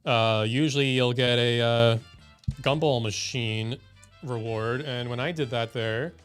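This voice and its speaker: A man appearing as a guest on a live stream, showing off items in a deadpan, mock-serious way. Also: mid-range voice, clean tone, soft background music. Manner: deadpan, slow mock-serious show-and-tell. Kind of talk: casual live-stream chat.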